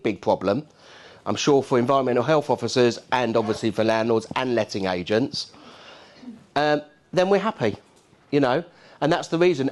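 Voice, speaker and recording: A middle-aged man with a Cockney accent gives a keynote to a conference audience. His delivery is punchy and rhetorical. He keeps checking in with the crowd with quick asides. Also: mid-range voice, darkish tone. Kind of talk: lively conference speech. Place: conference hall.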